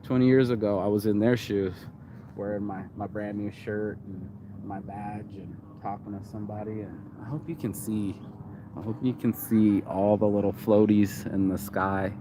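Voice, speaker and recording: Outdoors on a campus, a man in his forties records a casual vlog monologue, rambling and reflective and full of "you know." His voice is fairly low and level, his pace moderate, and there's noise in the background.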